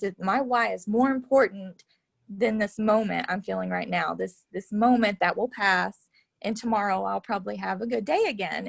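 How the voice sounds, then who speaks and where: A woman talks in loose, motivational chat as a team coach. Her voice carries a gravelly fry, and she rambles with plenty of fillers and restarts. The sound is dry and close. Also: mid-range voice, no echo.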